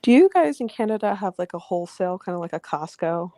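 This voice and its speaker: Low, mellow-voiced woman, blunt. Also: lively intonation, fast, dry recording, clean studio sound. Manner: blunt, sarcastic, exasperated. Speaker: panel guest. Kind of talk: casual commentary chat.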